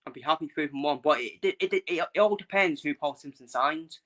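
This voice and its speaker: A little high, fairly quick, pushed and bright, his voice carries a casual opinion rant on his own football fan vlog. The young man is frustrated and blunt, repeating points and cursing.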